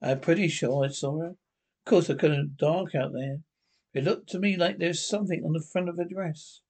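A man's voice: a little high, normal speed, a little mellow, slightly rough. A man reading the part of an elderly, hesitant small-town judge in an old radio play, with a rambling, apologetic manner.

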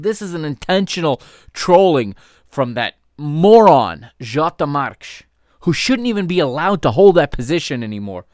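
Male podcast host, heated sports rant, middle pitch, dry close sound. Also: big pitch swings, moderate pace, darkish tone, dry recording. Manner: heated, ranting, swears, laughs in disbelief.

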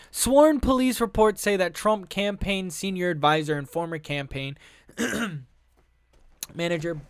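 This podcast host has a medium-pitched voice, recorded dry with clean studio sound. Reading news articles in a relaxed way, the host keeps restarting, uses plenty of fillers, swears openly and tosses in offhand comments between the read sections.

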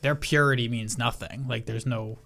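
A woman's voice: very deep voice, fairly even intonation, moderate pace, creaky, fairly bright tone. A woman co-hosting a podcast in casual chat, slightly tipsy, with a dry, teasing, profane manner.

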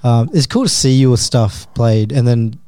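A man's voice: medium pitch, measured pace, warm tone, smooth, no room sound. A young man, an artist guest talking easily on a radio show. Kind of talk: casual interview chat.

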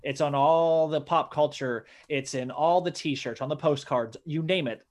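A man's voice: on the high side, unhurried. A young man co-hosting a podcast, casually retelling a history story and acting out the people in it. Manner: relaxed, acts out voices in retellings. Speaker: podcast co-host.

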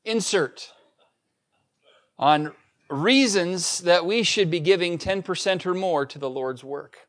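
A man's voice: high-pitched, slow, a bit bright. A man preaching a sermon as pastor, talking casually to the congregation and growing emphatic when he reads scripture. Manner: conversational preaching, rising to emphatic scripture reading.

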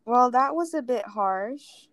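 A teenage girl with an American accent, co-hosting a casual podcast chat and rambling through jokes and quick asides. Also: fairly high pitch, animated, no echo, muffled recording. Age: teens. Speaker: podcast co-host.

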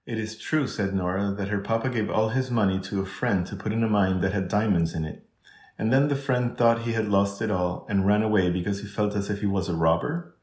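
A man's voice: lowish voice, fairly quick, a little mellow. A man narrating a children's novel as an audiobook, reading steadily and barely changing his voice for the characters. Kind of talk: scripted narration. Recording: echoey room.

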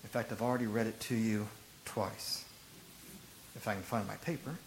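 A man preaching a sermon as a pastor, retelling stories with lively emphasis and acted-out quotes. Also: on the low side, moderate pace, a little hiss or hum, poor audio. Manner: animated storytelling, acting out rhetorical quotes.

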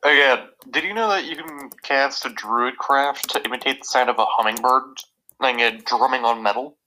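Goofy man with a bright voice. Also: mid-range voice, slight background noise, poor audio. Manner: goofy, halting with fillers. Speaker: player. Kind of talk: casual tabletop game chat.

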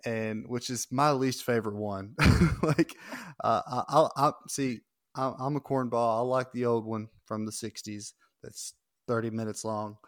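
A man in his thirties, a podcast guest chatting casually, self-deprecating and quick to laugh. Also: medium pitch, fairly even intonation, dry recording, studio quality. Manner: self-deprecating, laughs often, stumbles and restarts. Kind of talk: casual chat.

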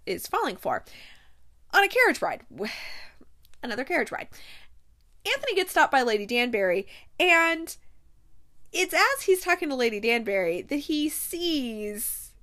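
Chatty woman recapping a romance novel. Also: on the high side. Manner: chatty and animated, laughs often. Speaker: podcast host. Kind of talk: casual book recap.

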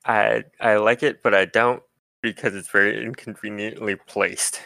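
A man's voice: fairly low pitch, steady tone, moderate pace, creaky, sharp tone, no room sound. A man running a tabletop game over an online voice call, laid-back with laughing asides. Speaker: game master.

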